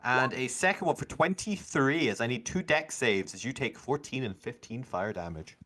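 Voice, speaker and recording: A man's voice: mid-range voice, animated, moderate pace, a bit bright. A man acting as game master, narrating a tabletop role-playing game and patiently explaining the rules.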